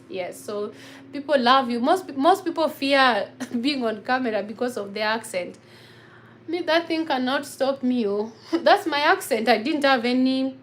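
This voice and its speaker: A fairly high-pitched woman speaks English as a second language, direct to camera. She talks earnestly and encouragingly, repeating and restarting phrases as she goes, with laughs here and there. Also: fairly bright tone. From grew up in a village. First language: mother tongue not English. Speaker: vlogger. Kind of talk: casual talk to camera.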